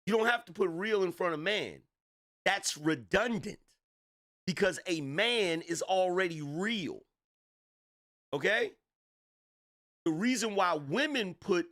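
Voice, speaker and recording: A man's voice: sits high, fairly bright tone. A middle-aged man giving an opinion commentary monologue, emphatic and repetitive, lecturing with rhetorical questions.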